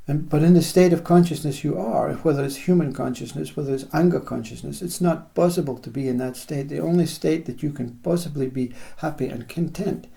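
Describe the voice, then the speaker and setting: Spiritual teacher guy, warm dark tone, kinda high, talks in lists and acts out little conversations. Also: vocal fry. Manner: slow, list-like phrasing that acts out little dialogues. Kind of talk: reflective spiritual talk.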